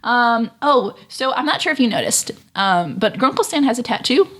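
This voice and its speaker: A woman's voice: on the high side, animated, moderate pace, fairly bright tone. A young woman co-hosting a casual reaction show, rambling with lots of ums while she reads out trivia and viewer comments. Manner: rambling, with frequent ums and laughs. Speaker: co-host of a show reacting to cartoon episodes. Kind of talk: casual chat.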